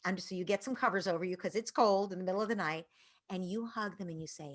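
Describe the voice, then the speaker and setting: A woman parenting expert answering audience questions in an earnest, explanatory way, dropping to soft whispers at times. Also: fairly low pitch, fast talker.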